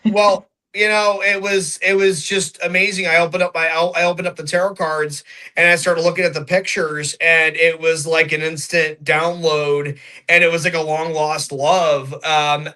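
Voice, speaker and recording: A man's voice: on the high side, sharp tone. A man, a psychic medium, telling his story in a rambling, enthusiastic way on a video call. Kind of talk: casual interview over video call.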